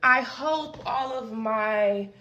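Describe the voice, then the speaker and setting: A woman's voice: a little high, extremely slow, pushed and bright, lo-fi sound. A woman making a pointed statement in a social media video.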